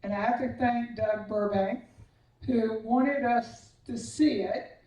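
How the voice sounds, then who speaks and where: A woman's voice: on the high side, slow. Woman storytelling in an echoey hall. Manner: animated anecdotal storytelling, self-deprecating. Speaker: hall of fame inductee, tennis coach. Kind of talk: banquet acceptance speech, storytelling. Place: large banquet hall. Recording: echoey hall, voice far from the mic.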